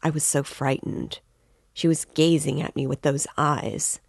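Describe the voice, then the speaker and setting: A woman's voice: low-pitched, steady tone, measured pace, gravelly, husky, no room sound, clean studio sound, exaggerated voice. A woman reading the part of an anxious, talkative middle-aged mother in a novel. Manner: worried, talkative.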